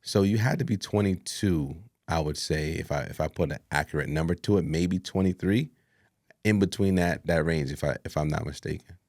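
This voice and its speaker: A man telling an animated story in a sit-down interview, acting out what people said and laughing along. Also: low-pitched, normal speed, no echo, clean studio sound. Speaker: executive producer.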